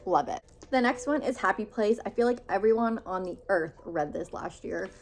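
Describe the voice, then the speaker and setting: Young woman, book vlogger, gushing and rambling, medium pitch, faint background hiss. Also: normal speed. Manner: gushing, filler-heavy with many "like"s and repeats. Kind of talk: casual book review vlog.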